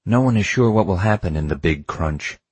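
A man narrating an audiobook in the first person, reading in a measured, intimate way. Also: low-pitched, lively intonation, a little mellow, slightly rough, dry recording.

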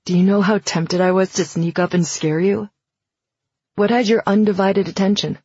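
A man's voice: high voice, steady tone, normal speed, darkish tone, breathy edge, dry recording, highs cut off. A woman reading a teasing young man. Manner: teasing, sarcastic.

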